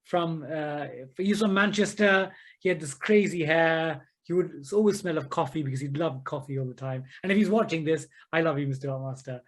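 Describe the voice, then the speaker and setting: An enthusiastic man in his thirties, a maths teacher telling animated stories as an interview guest. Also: fairly high pitch, moderate pace. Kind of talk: interview conversation.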